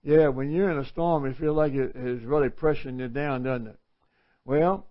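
Man, preacher, sermon, earnest conversational delivery, slightly high voice, muffled lo-fi recording. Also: moderate pace. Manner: earnest and conversational, with rhetorical questions. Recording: dull lo-fi recording.

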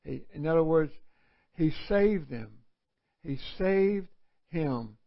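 A man teaching a live Bible study in a folksy, conversational preaching manner, with sudden loud cries. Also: fairly high pitch, lively intonation, slow, gravelly. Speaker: pastor. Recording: dull, lo-fi livestream audio.

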